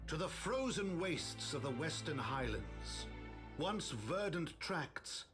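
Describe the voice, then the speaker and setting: A man's voice: fairly high pitch, lively intonation, slow pace, over music. A man giving solemn, grand scripted narration for a game cutscene.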